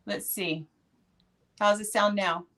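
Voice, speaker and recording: A woman hosting a casual live video-call chat show, bubbly and quick with laughs and asides. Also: mid-range voice, steady tone, fairly bright tone. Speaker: host.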